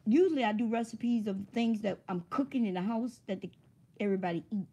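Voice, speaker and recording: Chatty, husky-voiced woman streamer. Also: a little high, fairly quick, mellow. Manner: chatty, laughs often, swears freely. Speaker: livestream host. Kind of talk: casual livestream chat.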